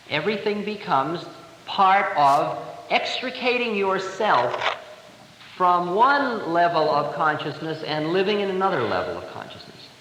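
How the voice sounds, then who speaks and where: A man in his thirties giving a spiritual talk to an audience, telling stories in a lively, expressive way. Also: high-pitched. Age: 30s. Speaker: spiritual teacher. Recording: echoey hall, 1970 live recording, faint hiss.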